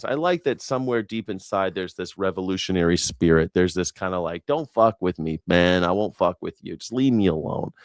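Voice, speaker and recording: A man's voice: lowish voice, clear, resonant tone, dry recording, clean studio sound. A man hosting a casual news reaction talk, rambling and sarcastic with profanity and frequent restarts. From United States. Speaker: independent news and culture commentator.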